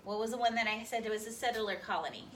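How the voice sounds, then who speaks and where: Bright woman teaching a history class. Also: a little high. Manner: quizzes students with rapid questions. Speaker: high school history teacher. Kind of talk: classroom lecture with questions. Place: school classroom. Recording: distant classroom recording, faint noise.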